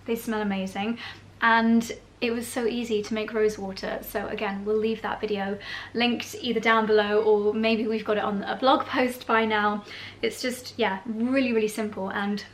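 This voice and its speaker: A woman's voice: mid-range voice, level tone, moderate pace, a little hiss or hum. A woman chatting casually to the camera in a vlog, bubbly and easygoing, laughing now and then as she talks. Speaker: lifestyle vlogger.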